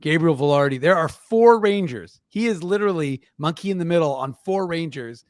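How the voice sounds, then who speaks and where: Hockey postgame guy, kinda high voice, dry close sound, blunt about bad defense. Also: expressive, no echo. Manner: blunt critique, quick laughs. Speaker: post-game show co-host. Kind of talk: casual hockey post-game chat.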